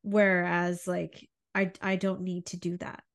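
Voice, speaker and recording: A woman's voice: fairly low pitch, monotone, a little slow, vocal fry. A woman co-hosting a podcast in casual chat, rambling through analogies and laughing often. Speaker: podcast co-host.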